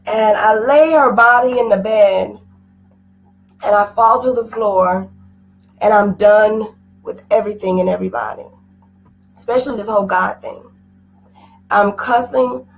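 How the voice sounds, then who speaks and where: A woman's voice: a little high, gravelly, a little hiss or hum, rough recording. A middle-aged woman giving an intense, emotional personal testimony, her voice rising at times. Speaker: guest sharing a personal story.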